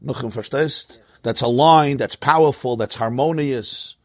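A man's voice: mid-range voice, a little slow, dry recording. Emphatic male Torah teacher, dry sound. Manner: emphatic, repeats phrases, laughs between points; mixes in Hebrew and Yiddish terms. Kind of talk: spoken Torah class.

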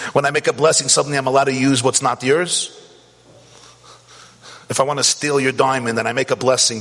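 A man teaching a Torah class, animated and rising to shouts to stress a point. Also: a little high, breathy edge, long reverb tail. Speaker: rabbi.

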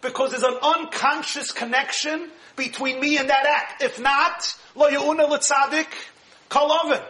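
A man with a notably high, bright voice teaches a Torah lecture. He talks in an animated, emphatic way and laughs often as he explains. The room around him sounds echoey. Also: unhurried. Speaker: rabbi teaching Torah class.

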